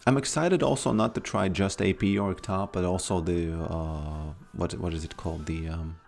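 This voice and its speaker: A man's voice: sits low, fairly even intonation, moderate pace, gravelly, darkish tone. A man casually commentating his own game on a live stream, thinking aloud and often restarting his sentences.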